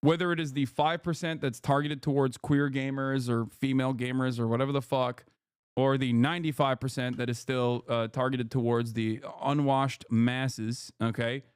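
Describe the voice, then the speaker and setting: A man's voice: medium pitch, fairly even intonation, moderate pace, clean tone, dry recording, clean studio sound. A male streamer giving reaction commentary in a blunt, profane and emphatic way, often checking in with "okay?".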